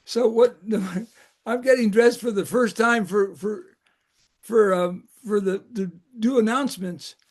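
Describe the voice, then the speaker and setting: A man's voice: high voice, measured pace. An older man, a former camp recreation director, telling rambling, laughing anecdotes in a casual chat.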